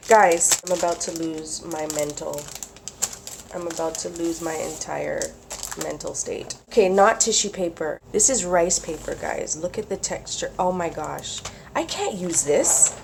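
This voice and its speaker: A woman vlogging about craft mail, gushing and excitable, with gasps, whispers and squeals. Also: fairly low pitch, normal speed, creaky, a little hiss or hum. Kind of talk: casual chat to camera.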